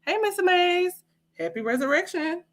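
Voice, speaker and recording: A woman's voice: extremely high pitch, expressive, moderate pace. A woman hosting a livestream podcast, giving blunt, sassy commentary that is full of profanity. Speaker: podcast host.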